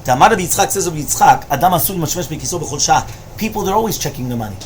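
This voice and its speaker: Man teaching Talmud, higher voice. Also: animated, very fast, a little hiss or hum. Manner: explains each line, repeats with "right?" and "you understand?". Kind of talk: Talmud study lecture.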